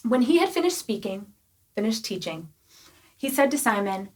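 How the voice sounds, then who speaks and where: A young woman preaching a casual youth sermon, chatty and animated, full of "like" and "right?" asides. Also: a little high, moderate pace, long pauses. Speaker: youth pastor.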